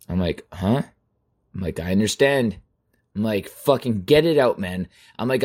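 Profane, animated male podcast host. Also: medium pitch. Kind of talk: casual podcast monologue. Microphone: studio microphone.

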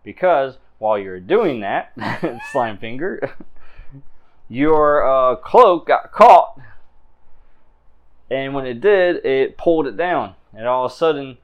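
A man's voice: medium pitch, expressive, unhurried, dull audio. A man as game master narrating a tabletop game, chatty and laughing often, with frequent fillers.

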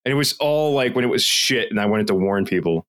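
A man's voice: lowish voice, animated, a little fast, fairly bright tone, slight background noise. A man co-hosting a casual podcast, ranting with a lot of swearing and reading reviews aloud. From Philadelphia area. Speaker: podcast co-host.

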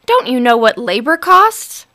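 A woman's voice: a little high, sing-song, unhurried, pushed and bright, pitched above the performer's own voice, full character voice. Woman doing a greedy scornful rich man. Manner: incredulous, dismissive.

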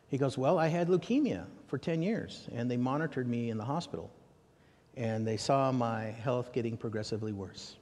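American preacher in a reverberant hall. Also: male voice, a little fast. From United States. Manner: animated, acts out dialogue with raised pitch for questions. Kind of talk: sermon storytelling. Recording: long reverb of a large hall.

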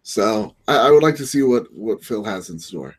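A man's voice: on the low side, animated, normal speed. A man co-hosting a gaming podcast who talks casually, rambling and opinionated, with lots of filler words and restarts. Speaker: podcast co-host. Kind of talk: casual chat.

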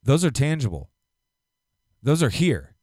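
A man co-hosting a podcast, ranting in a casual, profane, animated way. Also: medium pitch, a little slow, dry recording, studio quality. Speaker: podcast co-host. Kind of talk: casual chat.

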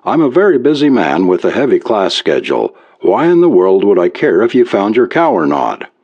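A busy, impatient professor, as a man reads him aloud, curt and condescending, with pitch that climbs sharply. The recording sounds dull and lo-fi. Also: big pitch swings, moderate pace, a little mellow, breathy edge, exaggerated voice.

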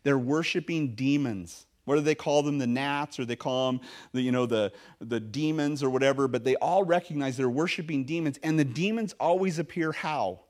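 A male pastor preaching a sermon in a conversational, animated way, with frequent fillers and restarts. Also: mid-range voice, normal speed.

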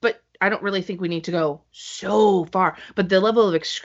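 A woman co-hosting a casual podcast chat, an animated storyteller who acts out the voices she quotes. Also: medium pitch, brisk. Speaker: podcast co-host. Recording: slightly dull lo-fi audio.

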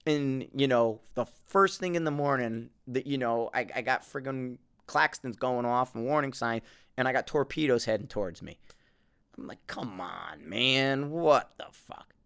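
Medium-pitched and smooth, this East Coast man from Connecticut hosts a podcast. He races through a casual monologue, telling lively, wandering stories, cursing often and restarting his sentences.

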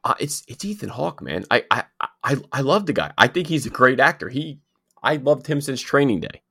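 A man co-hosting a casual show chat, halting and repeating his words as he talks. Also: mid-range voice, sing-song, vocal fry, bright, forceful tone, breathy edge. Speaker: podcast co-host.

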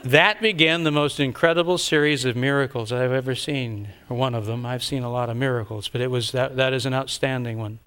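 An older man, a pastor, telling a story in a sermon with animated, dramatic delivery and sudden loud outbursts. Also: mid-range voice, fairly quick, hardly any pauses, smooth.

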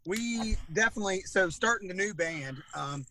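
Male band singer, slightly high and bright, chatty storyteller. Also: lively intonation, normal speed, slight background noise, poor audio. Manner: storytelling, laughs often. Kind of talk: casual chat.

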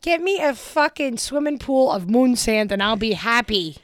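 A young adult woman co-hosting a podcast, excitable and rambling, swearing freely. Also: a little high, moderate pace, no room sound. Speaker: podcast co-host. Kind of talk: casual chat.

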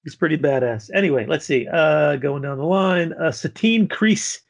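A man hosts a podcast and reads through a countdown list in a laid-back, rambling way. His voice has a gravelly fry to it, and it sounds dry and close to the mic. He fills the gaps with ums and the odd curse. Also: on the high side, normal speed, no echo. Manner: laid-back, filler-heavy, profane. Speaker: podcast host reading a list. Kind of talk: casual podcast list rundown.

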